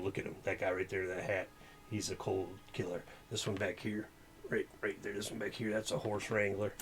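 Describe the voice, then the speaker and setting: A man's voice: lowish voice, level tone, fairly quick, slight background noise. A man acting as game master, narrating in a loose, laughing way with lots of fillers.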